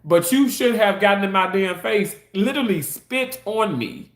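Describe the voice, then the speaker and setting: A man's voice: high voice, expressive, normal speed, fairly bright tone, echoey room. A man ranting on his live stream in a passionate, heated way, cursing and repeating himself. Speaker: live-stream content creator. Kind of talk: casual live-stream rant.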